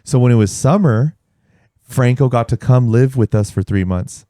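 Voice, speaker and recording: A man hosting a podcast, telling stories with lively acted-out quotes and a lot of swearing. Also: medium pitch, normal speed, no room sound, studio quality. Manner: animated storyteller, swears freely, acts out quotes. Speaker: podcast host. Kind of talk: casual podcast chat. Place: podcast studio.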